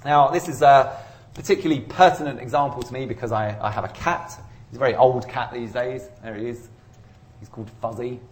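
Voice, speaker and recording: Brief: a male lecturer, casual and rambling, dry self-mocking jokes, middle pitch. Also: a little fast. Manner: chatty, rambling, self-deprecating humour. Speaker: university lecturer. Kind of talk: informal statistics lecture. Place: lecture room.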